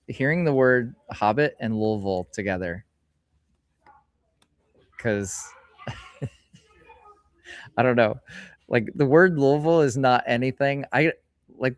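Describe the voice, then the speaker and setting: A middle-aged man hosts a casual live stream, chatting in a rambling way and reading card names aloud slowly. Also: mid-range voice, dry recording. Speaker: streamer host. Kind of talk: casual live-stream chat while opening card packs. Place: hobby store, indoors.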